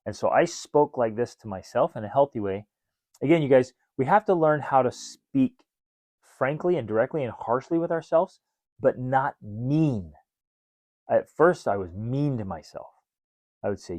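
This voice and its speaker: A man's voice: medium pitch, expressive, normal speed, darkish tone, no echo. A man hosting a podcast, talking casually and acting out his own self-talk in quoted voices. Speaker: podcast host.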